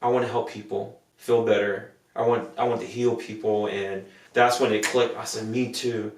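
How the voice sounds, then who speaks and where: A man's voice: on the low side, little pitch movement, moderate pace, recorded from a distance. A young adult man, a podcast co-host, telling earnest, rambling stories in casual chat and acting out the people he quotes. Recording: roomy, from off the mic.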